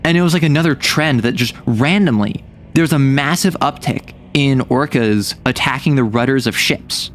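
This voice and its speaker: A man's voice: mid-range voice, normal speed, a bit bright, slight background noise. A young man from the United States streaming a casual chat, rambling and joking, often cutting himself off mid-thought. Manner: rambling, jokey, self-interrupting.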